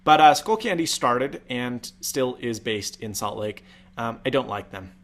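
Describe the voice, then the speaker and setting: A chatty man hosts a casual live stream, often jumping up into a higher pitch on purpose. His voice sits at a middle pitch. The mic is several feet away, and a faint fan hum runs behind him. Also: expressive, a little slow, a bit bright. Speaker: tech live-stream host. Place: home room with a fan.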